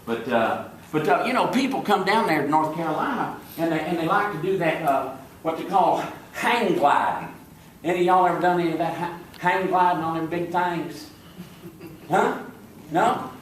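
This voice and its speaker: A man with a Southern US accent, slowly spinning folksy comic stories to a live audience in character as a small-town deputy. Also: a little high, lively intonation, slight background noise. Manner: slow drawling folksy yarn-spinner. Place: live venue before an audience. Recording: echoey room, distant mic.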